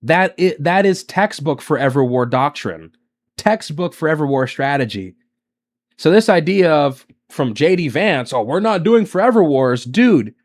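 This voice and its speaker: A man with a somewhat high voice hosts a casual reaction stream. He is sarcastic and mocking, jumping between loud jabs and low mutters. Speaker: political commentary streamer.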